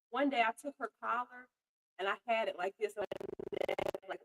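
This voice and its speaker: A woman's voice: fairly high pitch, a little fast, low-quality recording. A woman vlogging casually at home, chatting to her cat and the camera with offhand swearing.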